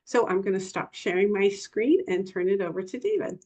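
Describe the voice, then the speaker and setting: A woman's voice: mid-range voice, expressive, a little fast, a little mellow. A woman moderating an online session, reading a polite, formal introduction of the speaker over a video call.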